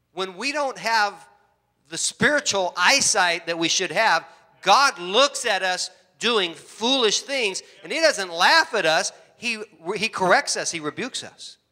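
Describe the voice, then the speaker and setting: A middle-aged man preaching a sermon, telling stories with lively acted-out voices. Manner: animated storytelling, acts out voices with big pitch jumps. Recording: long hall reverb.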